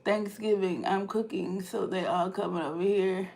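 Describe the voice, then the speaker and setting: A woman vlogger from Ohio, telling stories casually to her live chat and swinging from hushed asides to loud outbursts. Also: medium pitch, steady tone, moderate pace, gravelly.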